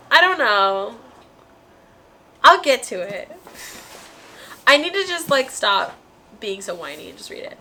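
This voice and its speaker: A woman's voice: a little high, sing-song, unhurried, long pauses, pushed and bright, rough recording. A young woman talking casually to her viewers about books, bubbly and chatty with lots of fillers. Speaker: book vlogger. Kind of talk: casual chat to camera.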